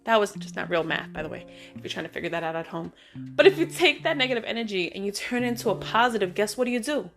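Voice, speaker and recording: A woman's voice: medium pitch, lively intonation, quick pace, a bit bright, soft background music. A middle-aged woman hosting her own vlog, telling a personal story in a chatty, upbeat way and drawing a positive lesson from it. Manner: chatty, upbeat, acts out dialogue in her stories. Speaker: vlog host. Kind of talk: casual motivational storytelling.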